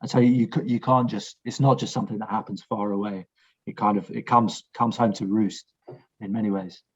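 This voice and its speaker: A man's voice: on the low side, fairly even intonation, brisk, husky, dull audio. A man talking as a veteran guest on a podcast, frank and blunt, swearing and restarting his sentences. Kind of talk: casual podcast conversation.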